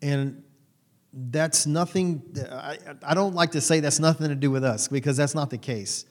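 A man's voice: fairly high pitch, normal speed. A male pastor giving a sermon in a conversational, rambling way, with restarts and asides.

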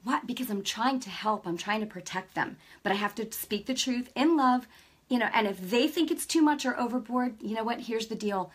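A middle-aged woman giving a casual faith talk, telling stories with lively energy and often checking in with her listeners. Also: fairly high pitch, brisk, husky. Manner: lively storytelling, acts out quoted dialogue; peppers speech with "right?" and "you know". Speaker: Christian speaker.

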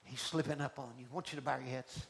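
A man preacher delivering an emphatic, deliberate sermon in a church. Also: medium pitch, steady tone, creaky. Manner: emphatic, slow and deliberate, swinging between soft and loud.

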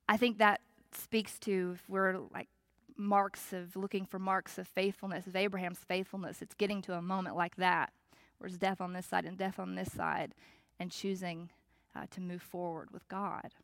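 Woman pastor, conversational sermon, thoughtful pauses, mid pitch, dry close sound. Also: steady tone, no echo. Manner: reflective, conversational preaching with pauses.

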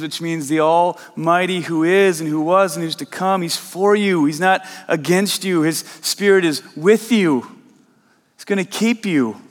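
A man's voice: fairly high pitch, a little slow, in a large hall. A man preaching a sermon as a pastor, earnest and emphatic, often asking the listeners "right?". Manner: earnest, emphatic, repeats questions and asks "right?".

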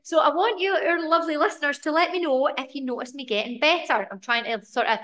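A woman's voice: sits high, quick pace, fairly bright tone. A Scottish woman co-hosting a podcast, chatting casually and rambling round in circles as she talks. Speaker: podcast co-host.

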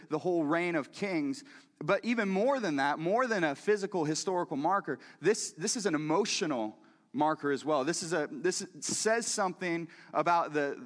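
High-voiced preacher in a reverberant hall. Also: male voice. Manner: talks directly to the audience with questions. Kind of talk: conversational sermon.

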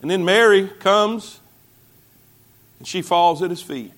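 Pastor, male, high voice, sermon delivery with congregation asides. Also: takes it slowly, fairly bright tone. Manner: preaching with call-and-response asides to the congregation.

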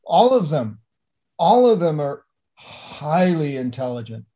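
Animated middle-aged man, slightly high voice. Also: a little slow. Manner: animated, restarts and repeats words often. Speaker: actor, interview guest. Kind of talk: conversational interview.

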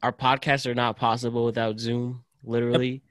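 A man co-hosting a podcast in casual chat, talking in a rambling way with halting restarts. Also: mid-range voice, little pitch movement, no room sound, studio quality. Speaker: podcast co-host.

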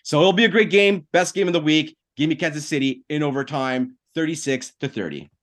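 A man co-hosting a sports podcast, making bold, animated predictions in casual talk. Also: on the high side, brisk. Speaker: podcast co-host.

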